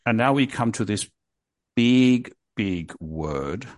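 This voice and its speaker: A man's voice: mid-range voice, animated, slow pace, darkish tone, no room sound. An older man hosting a casual podcast, rambling and poking fun at himself. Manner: self-mocking, jokey, rambling. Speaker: podcast host.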